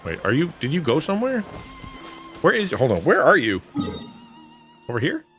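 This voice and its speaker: A man's voice: a little high, huge pitch swings, moderate pace, a bit bright. Guy streaming a game and joking with chat, self-mocking, voice bounces up and down a lot, game music going. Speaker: gaming streamer and host. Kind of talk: casual live gameplay commentary.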